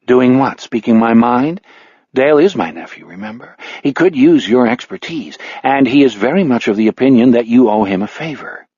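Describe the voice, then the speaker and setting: A man voicing a blind, dry-witted older man in an audiobook, measured and blunt, with a husky tone. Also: medium pitch, expressive, a little mellow, no echo, muffled recording. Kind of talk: audiobook character voice.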